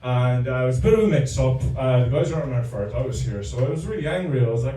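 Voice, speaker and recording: A man doing a rambling, profane stand-up comedy set, stalling often with halting fillers. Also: mid-range voice, dark tone. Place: comedy club room. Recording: echoey room, distant mic, faint ambience.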